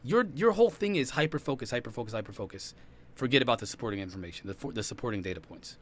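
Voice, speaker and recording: Fast, insistent man debating. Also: medium pitch, animated, slight background noise. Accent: British. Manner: fast, insistent, repeats himself. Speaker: podcast host. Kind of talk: heated debate.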